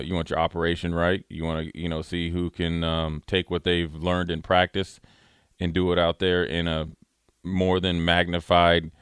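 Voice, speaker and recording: A man's voice: low voice, a bit bright, clear, resonant tone, dry recording, studio quality. A man who once played the game, co-hosting a sports talk show in a rambling, filler-heavy way. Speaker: sports radio co-host, former player.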